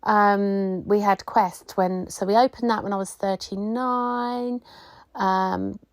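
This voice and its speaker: Middle-aged woman hosting her own podcast, reminiscing with loose asides, mid-pitched voice, dry recording. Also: fairly even intonation, slow pace, no room sound. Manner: rambling, reminiscing storyteller with many asides. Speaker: podcast host. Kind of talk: casual solo podcast monologue.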